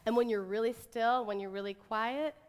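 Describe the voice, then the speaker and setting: A woman's voice: fairly high pitch, moderate pace, clear, resonant tone. A woman in her thirties giving a chatty, inspirational talk to an audience, with lots of "like" and "right?". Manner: chatty, animated, says "like" and "right?" often. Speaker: motivational speaker. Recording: reverberant hall.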